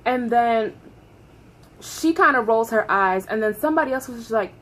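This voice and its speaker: Woman, 30s, storytime vlogger; slightly high, lively and profane. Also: moderate pace. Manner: animated, profane, laughing. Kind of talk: storytime vlog.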